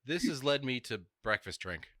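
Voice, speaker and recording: A man's voice: mid-range voice, expressive, normal speed, pushed and bright, no room sound, clean studio sound. A man co-hosting a casual podcast over a video call, ranting with heavy swearing. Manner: profane, heated ranting. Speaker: podcast co-host.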